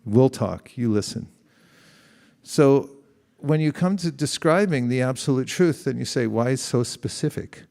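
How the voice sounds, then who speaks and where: A middle-aged man delivers a sermon in a relaxed, conversational way, often turning to his listeners with questions and playing out little back-and-forth dialogues. His voice sits at an ordinary pitch with a mellow, darker tone. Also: a little slow, gravelly. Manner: conversational, questions the audience, acts out quoted exchanges. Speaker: spiritual teacher. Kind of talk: sermon to a live audience.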